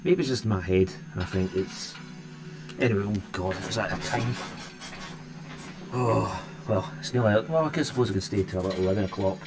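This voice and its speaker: A man's voice: fairly low pitch, fairly quick, over music. A Scottish man hosting a live stream and chatting casually with viewers, rambling and restarting his sentences often. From Scotland. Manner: rambling, hesitant, many restarts.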